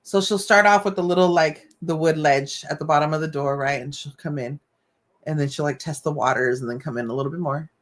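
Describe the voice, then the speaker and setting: A woman's voice: low-pitched, a little fast. A woman hosting a casual live stream, telling chatty stories with mild cussing and Spanish asides while busy with a craft. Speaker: channel host.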